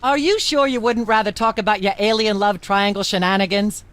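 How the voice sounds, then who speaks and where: A woman's voice: mid-range voice, steady tone, a little fast, fairly bright tone, natural voice. An actress playing a pompous, lecturing older female talk show host in a game. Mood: haughty. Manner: haughty, lecturing, scolding.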